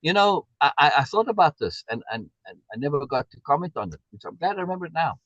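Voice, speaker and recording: Animated man, husky voice. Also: a little high, fast, dry recording, lo-fi sound. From South Africa. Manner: emphatic, repeats words for stress, many restarts. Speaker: livestream host. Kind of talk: live reading and commentary, answering viewer comments.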